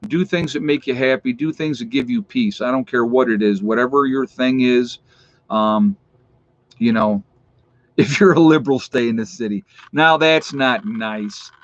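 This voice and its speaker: A man's voice: medium pitch, normal speed. A man hosting a casual livestream. He reads out where his viewers are tuning in from, then earnestly urges them to get ready. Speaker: livestream host. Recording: dull lo-fi stream audio.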